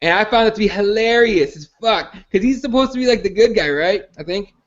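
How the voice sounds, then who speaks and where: A man's voice: sits high, lively intonation, fairly quick, muffled recording. A man hosting a casual podcast about fighting. He rambles and swears, stumbling over restarts. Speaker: podcast host. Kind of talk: casual MMA chat.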